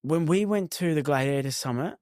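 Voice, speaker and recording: A man's voice: fairly high pitch, a little fast, darkish tone, no room sound, studio quality. A man with an Australian accent co-hosting a podcast, telling stories loosely and swearing freely. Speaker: podcast co-host. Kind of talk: casual podcast chat.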